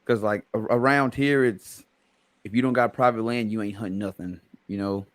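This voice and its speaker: A man's voice: lowish voice, no echo. A man hosting a podcast, chatting casually and reacting with short laughs. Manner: relaxed, quick reactions, laughs along. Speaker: podcast host. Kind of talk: casual interview chat.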